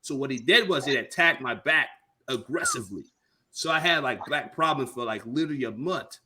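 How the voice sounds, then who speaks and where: A man from Africa telling a story in casual panel chat, animated, profane and laughing. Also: mid-range voice, a little fast, background noise. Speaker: panel guest, comedian.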